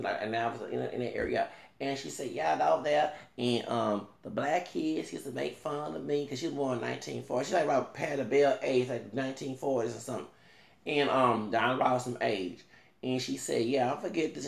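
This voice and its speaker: A man, a vlogger telling a rambling, animated story in casual talk and swearing now and then. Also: mid-range voice, vocal fry, roomy sound.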